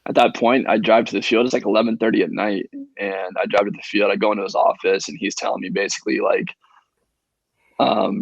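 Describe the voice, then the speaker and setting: A young man from Indiana with a low, gravelly voice tells a long story on a podcast, loose and filled with ums. The sound is close and dry, a bit dull on the top end. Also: a little fast, dry recording. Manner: relaxed, filler-heavy storytelling with many ums. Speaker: guest, professional baseball pitcher.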